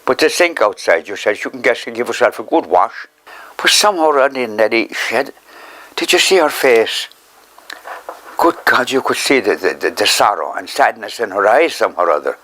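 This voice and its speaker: An older Irish man reminisces about his life in a documentary interview, rambling and repeating words, and acting out quotes in a higher voice. He sounds expressive, pushed and bright at a moderate pace, with slight background noise.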